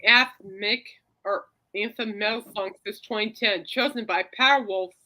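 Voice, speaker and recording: A woman's voice: medium pitch, moderate pace, bright, forceful tone, rough recording. A woman hosting a casual podcast, chatty and reassuring, rambling between topics. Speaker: podcast host. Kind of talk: casual chat.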